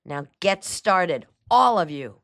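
A woman's voice: on the low side, animated, slow, no echo, studio quality. A woman playing a bossy, scolding aunt. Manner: sharp, scolding commands. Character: bossy middle-aged aunt, harsh and impatient.

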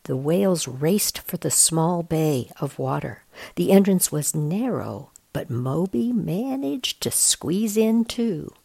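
Brief: gentle picture-book reader, low husky voice, unhurried explaining. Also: female voice, animated, no room sound. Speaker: storyteller. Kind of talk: reading a picture book aloud, describing the pictures.

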